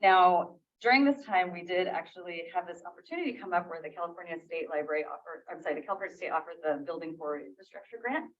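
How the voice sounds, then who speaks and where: A woman's voice: on the low side, fast, hardly any pauses. Woman presenting at a distant, muffled mic. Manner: casual, self-correcting, laughs off slips. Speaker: library staff presenter. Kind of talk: public meeting presentation. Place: meeting room. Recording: distant, dull lo-fi meeting audio.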